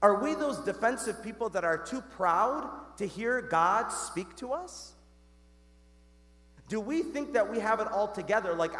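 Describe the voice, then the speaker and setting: A man delivers a homily from the pulpit in a high voice that swoops up and down with animated energy. He keeps it conversational, asking the congregation questions and calling them "guys." A long church reverb trails behind every phrase. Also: unhurried. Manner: conversational, talks straight to the congregation with rhetorical questions. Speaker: Catholic priest. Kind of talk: sermon.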